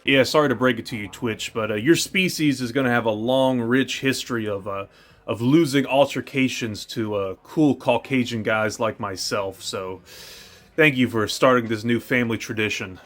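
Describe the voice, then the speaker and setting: A man's voice: mid-range voice, normal speed. A young man hosting a let's play, joking and trash-talking over the gameplay. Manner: jokey, trash-talking, puts on silly voices.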